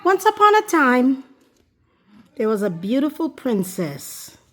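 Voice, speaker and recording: Slow, expressive woman story reader. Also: sits high. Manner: expressive, sing-song. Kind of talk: storytime read-aloud.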